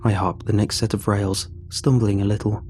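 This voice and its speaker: A man tells a first-person horror story in a measured, suspenseful read. His voice is low and mellow, with a dark, soft tone, and faint music plays behind him. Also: level tone.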